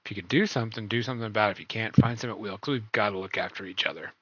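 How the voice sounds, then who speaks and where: A man's voice: lowish voice, rapid-fire, fairly bright tone, dry recording, muffled recording. A man hosting a casual stream chat, loose and rambling, full of ums and uhs. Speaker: podcast host.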